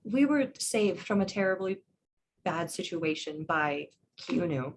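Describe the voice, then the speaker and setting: Brief: woman tabletop player, lower voice, formal and earnest, faint background noise. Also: animated, unhurried. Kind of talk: in-character tabletop role-play.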